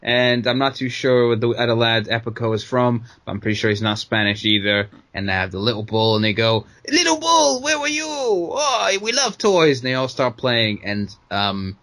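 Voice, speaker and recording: A man's voice: fairly low pitch, level tone, a little fast, hardly any pauses, fairly bright tone. Sweary, laid-back male podcaster. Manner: loose and sweary, lots of fillers and jokey put-on quotes. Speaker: podcast co-host. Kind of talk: casual chat.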